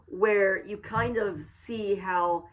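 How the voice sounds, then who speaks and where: Woman, film reviewer, casual analysis, thoughtful, restarts, fillers, middle pitch. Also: extremely slow, rough recording.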